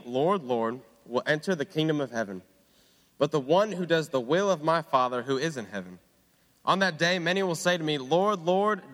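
A young man giving an earnest sermon to fellow students, dropping low and quiet on quoted words. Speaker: student preacher. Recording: long hall reverb.

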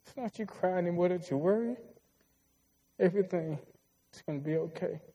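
A young man voicing a gentle mother comforting her frightened child during a sermon, speaking in a soft, reassuring way. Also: high voice, brisk, voice pushed up. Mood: soothing.

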